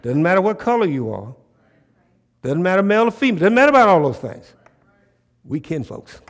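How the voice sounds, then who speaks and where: A man preaching a sermon, calling out to the congregation and swinging between hushed asides and loud bursts. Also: sits high, very animated, brisk.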